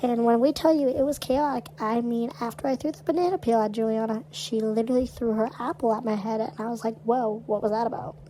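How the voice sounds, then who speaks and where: Young woman co-host, mellow tone, loose chatty storyteller who says "like" a lot. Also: a little high, fairly even intonation, quick pace, hardly any pauses, a little hiss or hum, low-quality recording. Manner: chatty, peppers speech with "like". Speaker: podcast co-host. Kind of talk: casual storytelling chat.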